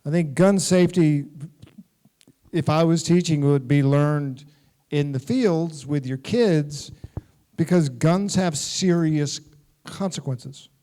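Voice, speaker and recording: Laughing storyteller man, slightly high voice. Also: takes it slowly. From United States. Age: middle-aged. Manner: animated anecdotal storytelling, laughing often. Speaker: guest actor. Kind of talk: on-stage convention talk. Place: convention stage.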